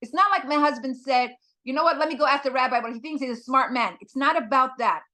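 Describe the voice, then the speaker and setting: Brief: woman guest speaker, slightly high voice, earnest and halting, personal testimony. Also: pushed and bright. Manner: earnest, halting storytelling with many fillers.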